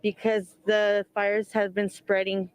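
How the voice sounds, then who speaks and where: A woman's voice: medium pitch, flat delivery, slow pace, clear, resonant tone, low-quality recording. Rambling, earnest young mother. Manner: rambling, heavy use of "like" and "you know"; earnest, openly religious. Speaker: wildfire evacuee, mother of several children. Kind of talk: emotional on-the-spot interview answers. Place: outdoors at a donation site.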